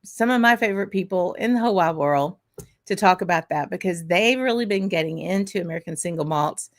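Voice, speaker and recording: Speaking fairly quickly with a fairly low pitch, the woman hosting this whisky livestream keeps things casual and bubbly. She welcomes viewers by name, gives chat shout-outs, and peppers her talk with "um" and "y'all" plus bursts of laughter.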